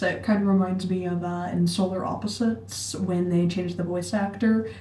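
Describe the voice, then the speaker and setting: Woman reaction host, dark low-ish voice, rambling asides, distant mic in an echoey room with faint hum. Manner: musing, rambling, trailing off with fillers. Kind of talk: casual reaction commentary.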